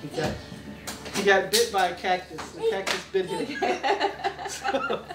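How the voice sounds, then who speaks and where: A woman's voice: mid-range voice, sing-song, slow pace, echoey room, music in the background. A woman reminiscing casually about family stories, chatty and laughing often. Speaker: family member.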